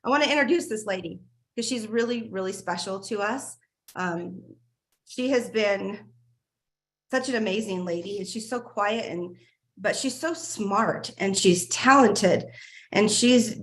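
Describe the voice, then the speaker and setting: Gushing woman hosting a video call. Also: medium pitch. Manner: warm, gushing, laughs often, restarts sentences. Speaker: host of a members' video call. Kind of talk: casual group video call.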